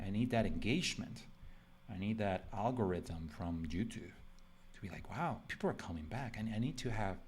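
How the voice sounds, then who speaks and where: A man's voice: on the low side, slight background noise. A man from Mexico chatting casually and jokingly while he draws on a live stream, rambling with lots of "like". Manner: rambling and joking, heavy use of "like". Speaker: illustrator streaming a live drawing session.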